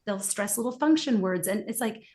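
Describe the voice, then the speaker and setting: A woman talks as a guest expert in an interview. Her voice sits at a middling pitch, and she explains with animation. She now and then acts out the reactions she describes. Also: animated, a little fast, a little mellow.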